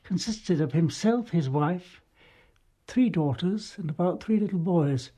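Older man with a husky, mellow voice. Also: high-pitched, lively intonation, measured pace. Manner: amused, rambling recollection. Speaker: former travelling actor. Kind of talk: anecdotal reminiscence.

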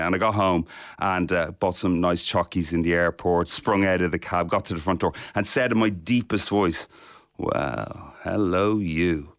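Middle-aged man, low voice, humorous self-mocking anecdote, dry close sound. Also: a bit bright, no echo. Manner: jokey, self-deprecating. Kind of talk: anecdotal storytelling.

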